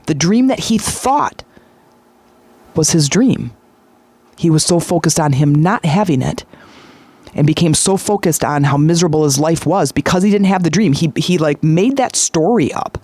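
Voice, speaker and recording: A man hosting a podcast, retelling a story in a lively, chatty way with frequent fillers. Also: on the high side, normal speed, husky, no room sound. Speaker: podcast host. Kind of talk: casual storytelling monologue.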